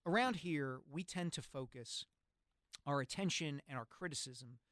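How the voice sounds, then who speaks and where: A man hosting a sports talk radio show, articulate and brisk, on a studio microphone. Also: fairly high pitch, fairly bright tone, no echo.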